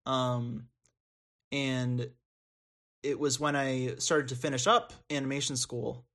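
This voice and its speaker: A man's voice: mid-range voice, steady tone, slow, fairly bright tone. A man in his twenties talking in a casual podcast chat, rambling with many fillers and restarts. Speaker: podcast guest.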